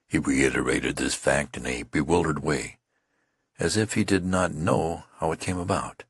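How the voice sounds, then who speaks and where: A man narrates an audiobook in a measured, deliberate reading. His voice is extremely deep and husky, and the recording is dry and close, with no room sound. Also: no echo.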